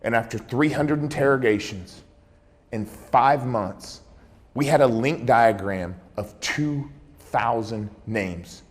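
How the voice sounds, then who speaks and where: Male keynote speaker, mid-pitched, dramatic storyteller, long hall reverb. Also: slow. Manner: dramatic storyteller acting out dialogue. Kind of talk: storytelling talk.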